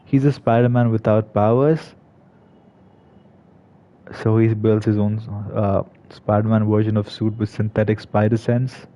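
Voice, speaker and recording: A man's voice: lowish voice, flat delivery, a little slow, dark tone. Hesitant man, slightly muffled recording. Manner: hesitant, many fillers and restarts. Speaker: gaming video creator. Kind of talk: casual commentary.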